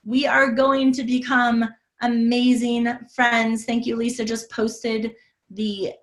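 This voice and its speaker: Her voice is highish and slow, with little pitch movement, as this health coach hosts a live masterclass over video call. She is upbeat and effusive, reading out what viewers comment and fielding their questions in a webinar that combines sales talk with Q&A.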